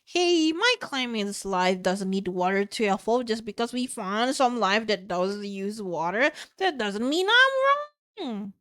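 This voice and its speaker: A woman's voice: medium pitch, sing-song, unhurried, fairly bright tone, smooth, no echo, studio quality. A woman voicing a combative, sarcastic male scientist while reading a novel aloud. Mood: arguing. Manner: sarcastic, argumentative.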